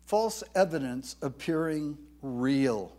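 A man preaching a sermon, swelling to loud, emphatic declarations when he quotes scripture. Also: fairly high pitch, expressive, slow. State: tired from little sleep. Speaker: pastor.

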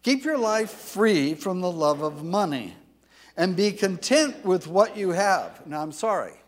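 A man preaching a sermon with emphatic delivery, rising loud when reading scripture aloud, with some halting restarts. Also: sits high, animated. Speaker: pastor.

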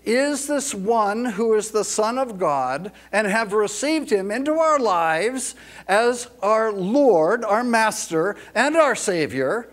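A man's voice: high-pitched, sing-song, slow. A man preaching a sermon into a microphone to his congregation, emphatic and repeating words for stress, with folksy asides. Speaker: pastor.

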